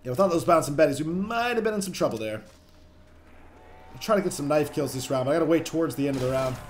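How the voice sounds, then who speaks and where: A young man casually commenting on his own gameplay as a channel host, chatty and excitable, swearing when things get tense. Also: fairly high pitch, fast talker, a little hiss or hum.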